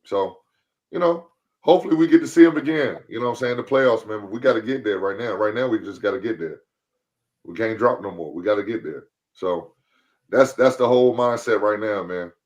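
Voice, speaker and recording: A man's voice: on the low side, a little fast, highs cut off. A man co-hosting a sports podcast in casual talk, laid-back and given to repeating his points. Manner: laid-back, repeats phrases, loud when riled up. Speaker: podcast co-host.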